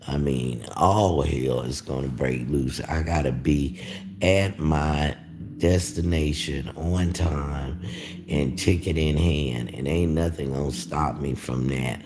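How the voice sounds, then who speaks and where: A man with an extremely deep voice talks to viewers on a livestream. He speaks slowly and wanders from point to point, full of fillers and blunt profanity. It sounds like loose, unscripted live chat. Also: darkish tone. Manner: rambling, profane, meandering with many fillers. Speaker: YouTuber on a livestream. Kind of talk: casual live-stream chat.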